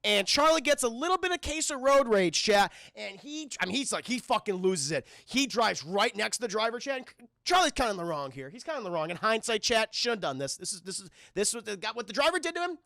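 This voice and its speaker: A young man recapping a cartoon episode for his live chat, excitable and profane, breaking into voices for the characters. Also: sits high, fast, vocal fry, no echo, clean studio sound. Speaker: streamer reviewing a cartoon.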